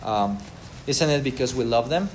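Halting man teaching a Bible class. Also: medium pitch, animated, background noise. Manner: halting, many fillers, acts out everyday quotes.

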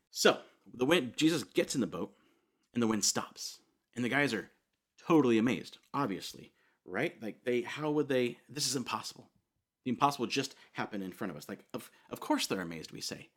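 A male pastor gives a sermon in a relaxed, chatty way, with plenty of fillers and tag questions. His mid-range voice rises and falls with lively swings. He sounds like he is talking with the congregation rather than at them. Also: medium pitch, normal speed, husky. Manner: casual and conversational, with frequent "like" and "right?".

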